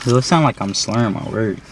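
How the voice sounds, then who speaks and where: A man's voice: lowish voice, vocal fry. A young man casually hosting a mukbang vlog, talking in laid-back slang and laughing with his friends. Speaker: vlog host. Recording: loud background noise.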